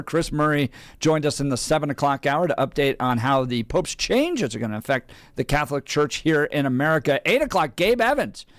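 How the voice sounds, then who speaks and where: A man's voice: mid-range voice, dry recording. A man hosting a talk radio show, recapping the day's segments and bantering casually with his co-host into a studio microphone.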